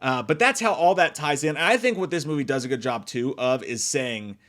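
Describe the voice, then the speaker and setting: A man casually reviewing a horror movie, swearing freely and acting out lines in loud shrieking voices. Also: mid-range voice, fairly quick. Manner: profane, animated, acts out quotes in big shrieking voices. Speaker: movie review podcast host. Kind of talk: casual spoiler review chat.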